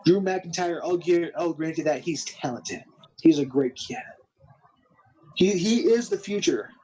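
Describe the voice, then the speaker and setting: A man's voice: fairly high pitch, expressive, a little slow, warm tone, a little hiss or hum, low-quality recording. A man voicing a brash, cocky male wrestling star who boasts about himself in the third person, in a swaggering promo manner. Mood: defiant. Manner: swaggering, defiant promo talk.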